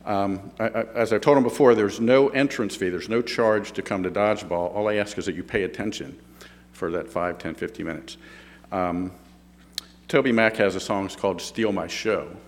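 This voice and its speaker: A man's voice: fairly low pitch, normal speed, long reverb tail. A man giving a testimony at church, sincere and hesitant, with many restarts and fillers. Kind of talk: spoken testimony. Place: church hall.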